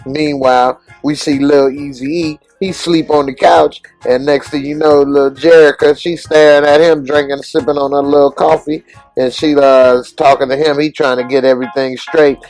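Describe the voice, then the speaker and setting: A man's voice: fairly high pitch, flat delivery, normal speed, darkish tone, soft background music, low-quality recording. Slangy man recapping a show. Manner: loose, slangy retelling that acts out characters' lines. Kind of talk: casual spoken episode recap.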